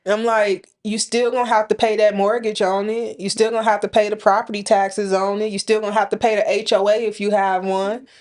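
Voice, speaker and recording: A woman's voice: medium pitch, level tone, brisk, hardly any pauses, darkish tone. Frank, chatty woman podcast co-host. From Indianapolis area. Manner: frank, colloquial, laughs while telling stories. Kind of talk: casual chat.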